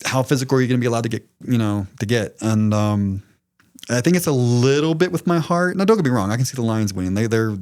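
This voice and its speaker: A young adult man co-hosting a casual sports podcast, talking in an animated way, swearing freely and laughing at his own stories. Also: mid-range voice, fast talker, clear, resonant tone. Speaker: podcast co-host.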